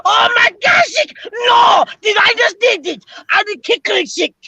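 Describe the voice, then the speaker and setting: A performer on a live stream doing a put-on German accent as a flustered, bumbling prison camp sergeant who keeps wailing and shouting. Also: extremely high pitch, measured pace, gravelly, dry recording, pitched above the performer's own voice, exaggerated voice.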